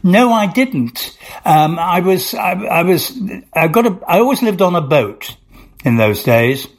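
A man's voice: high voice, very animated, measured pace. Rambling older man recalling stories. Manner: rambling, with frequent restarts. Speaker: actor guest. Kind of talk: anecdotal interview storytelling.

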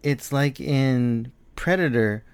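A man's voice: medium pitch, slow pace, creaky, clean tone. A laid-back man learning phrases from a friend, laughing often and repeating them back. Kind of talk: casual chat.

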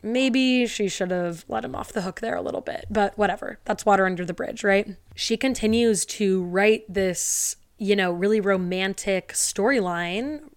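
Woman podcast host: casual storyteller with a wry, sarcastic edge, smooth voice, dry close sound. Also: mid-range voice, normal speed, few pauses, no room sound. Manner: chatty, wry, sarcastic asides. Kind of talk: casual storytelling podcast, reading captions aloud.

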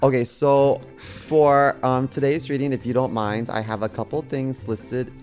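A man's voice: mid-range voice, flat delivery, moderate pace, darkish tone, faint music behind. A man co-hosting a comedy podcast, reading a silly story aloud in a playful way. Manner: playful, giggly. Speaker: podcast co-host.

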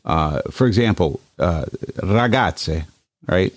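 A man chatting casually, halting with many fillers and telling playful stories. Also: low voice, expressive, gravelly, darkish tone, no room sound, clean studio sound. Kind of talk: casual chat.

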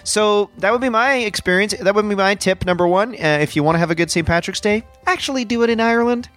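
A man's voice: sits high, fast, a bit bright, soft background music. A man co-hosting a comedy podcast in a laid-back, self-assured and offhand way. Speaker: podcast co-host. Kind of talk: deadpan comedic podcast banter.

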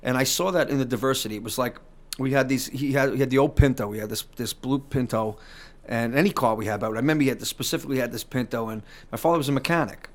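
A middle-aged man tells stories as a guest on an interview. He talks in a rambling, animated way, swearing freely and restarting his sentences. His voice sits at an ordinary pitch for a man. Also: quick pace. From New York. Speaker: guest musician. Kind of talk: casual interview storytelling.

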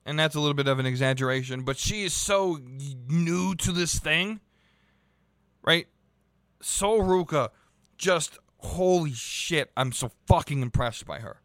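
A man's voice: on the high side, a little slow, a bit bright, dry recording. A young man hosting a podcast, ranting heatedly with lots of swearing and stumbling restarts. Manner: profane, heated, rambling with restarts. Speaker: podcast host reviewing wrestling. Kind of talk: casual ranting commentary.

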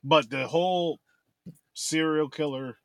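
A man's voice: fairly high pitch, slow pace, dry recording, low-quality recording. A man hosting a horror movie review podcast in loose, profane casual chat who laughs easily.

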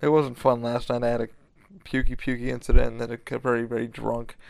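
A man with a gravelly, fry-laden voice talks in a loose, rambling way as a podcast host. He swears freely and leans on ums and restarts. The sound is dry and close. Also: medium pitch, completely flat delivery, quick pace, no echo. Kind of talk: casual rambling podcast chat.

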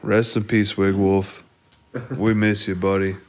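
A young man hosting a casual, crude podcast, loose and profane, breaking into loud bursts now and then. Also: on the low side, level tone, a little slow. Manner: loose, profane, rowdy, prone to shouting bursts. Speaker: podcast host.

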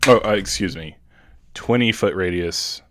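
A man's voice: deep voice, unhurried, a bit bright. A man playing a tabletop role-playing game, talking casually and hesitantly with many fillers. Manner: hesitant, filler-heavy, apologetic. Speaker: player. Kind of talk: casual tabletop play, in and out of character.

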